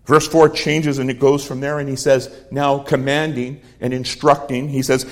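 A man's voice: medium pitch, flat delivery, normal speed, hardly any pauses. A middle-aged man preaching a sermon, expounding a psalm verse by verse and telling stories from his own life in an earnest way. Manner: earnest storytelling with quoted dialogue.

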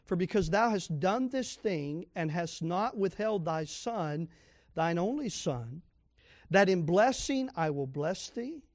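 High-voiced man preaching a sermon. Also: no echo, clean studio sound. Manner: preaching with sudden loud emphasis, reading scripture aloud; asks the congregation questions. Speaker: pastor.

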